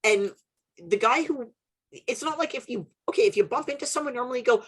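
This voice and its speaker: A young adult woman from Canada hosting a podcast, telling stories in a casual, animated way, swearing and laughing often. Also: a little high, a little fast, a little hiss or hum. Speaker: podcast host. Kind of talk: casual chat.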